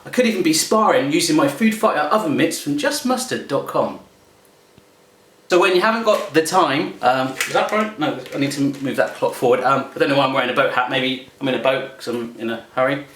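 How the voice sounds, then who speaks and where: A man's voice: mid-range voice, brisk, fairly bright tone, slight background noise. A man hosting a casual cooking demo, joking around and making playful asides as he cooks. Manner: jokey and playful, with silly asides. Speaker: home cook and channel host. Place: home kitchen. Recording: echoey kitchen room.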